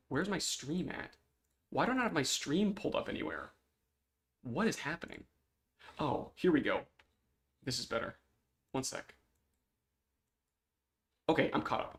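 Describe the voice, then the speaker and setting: Chatty young man streaming, fairly high voice. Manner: chatty, stops himself mid-sentence, often clears his throat. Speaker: streamer and indie comic maker. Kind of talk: casual live-stream chat.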